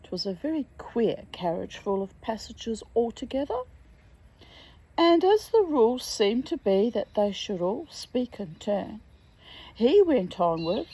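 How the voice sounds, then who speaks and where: Woman reading a storybook out loud, husky dark voice, pitch all over. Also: low-quality recording. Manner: expressive, drawn-out reading. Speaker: reader.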